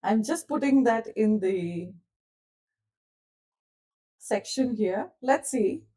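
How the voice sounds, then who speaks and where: A woman leading a live online coaching session, speaking gently and calmly and asking her listeners questions directly. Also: fairly high pitch, takes it slowly, distant mic, poor audio. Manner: gentle, calm, soothing delivery. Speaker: self-development coach.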